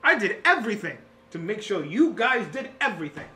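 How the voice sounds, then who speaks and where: A man voicing a boastful male fire genasi inventor and shopkeeper, pitching himself like a grand salesman. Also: very animated, brisk, pushed and bright, faint music behind, heavily acted.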